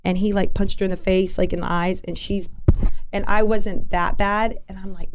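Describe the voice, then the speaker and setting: A woman's voice: medium pitch, little pitch movement, normal speed, noisy background. A young woman, a podcast guest, telling a personal story in casual talk, rambling with many fillers and restarts.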